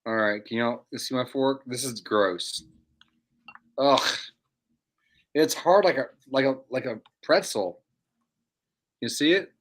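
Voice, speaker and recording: A man's voice: mid-range voice, slow, pauses often. A man hosting a casual livestream, rambling and repeating words as he talks. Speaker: livestream host.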